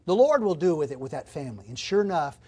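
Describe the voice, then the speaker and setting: Guy preaching a sermon, pretty high voice, earnest and emphatic. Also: sing-song, fast, darkish tone, husky. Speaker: pastor.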